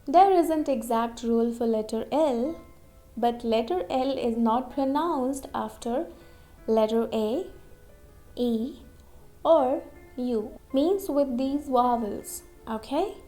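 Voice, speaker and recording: A woman's voice: a little high, slow pace, dark tone, soft background music. A woman teaching English pronunciation, saying each example word twice and checking in with "okay?" as she explains. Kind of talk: slow, deliberate pronunciation lesson.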